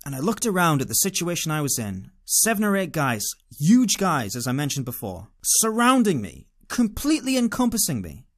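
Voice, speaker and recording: A British man tells a personal story to camera, sardonic and animated. His voice sits somewhat high for a man and swings widely up and down as he dramatizes each moment. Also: normal speed, hardly any pauses. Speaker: vlogger. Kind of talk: casual storytelling monologue.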